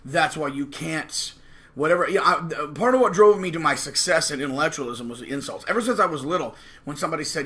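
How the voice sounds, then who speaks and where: Forceful, emphatic man lecturing to camera. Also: fairly high pitch, fairly quick. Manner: combative, preachy and emphatic. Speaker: channel host. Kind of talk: casual monologue to camera.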